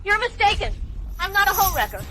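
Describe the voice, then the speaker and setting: An actress in a dubbed drama voicing a calm, modest young secretary who speaks politely and with restraint. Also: female voice, extremely high pitch, fairly quick, background noise. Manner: soft-spoken, polite, restrained.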